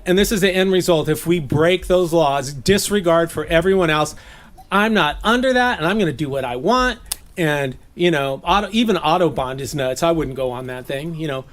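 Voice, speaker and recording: A man from Southern California giving a relaxed, chatty sermon, laughing often and slipping into playful voices. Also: a little high, normal speed. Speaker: preacher. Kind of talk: casual sermon teaching. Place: gathering.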